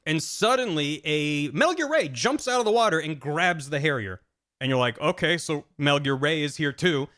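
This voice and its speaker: A man with a slightly raised voice talks through a long story recap on his stream. He rattles off characters' lines in quick, playful paraphrase and keeps circling back with fillers and restarts. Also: a little high, pushed and bright. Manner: rambling with many fillers and restarts. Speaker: streamer host. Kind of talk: casual plot recap with friends.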